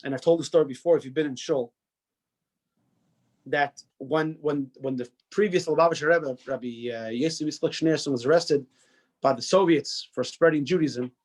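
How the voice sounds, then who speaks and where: Guy giving a class, talks loose, keeps restarting, kinda high voice. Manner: conversational, many restarts, asks the class questions. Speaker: rabbi teaching a class. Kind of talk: informal classroom lecture.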